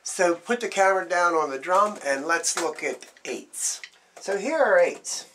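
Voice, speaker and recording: A man's voice: high voice, animated, measured pace. A man teaching drum strokes, explaining plainly and counting beats aloud as he demonstrates. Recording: loud background noise.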